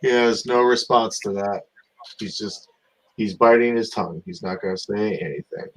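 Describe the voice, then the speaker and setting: A man playing a tabletop role-playing game, speaking in character and describing his character's actions, halting with fillers. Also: fairly low pitch, no echo, low-quality recording. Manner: halting, with many fillers and restarts. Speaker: tabletop role-play player. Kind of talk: in-character role-play and narration.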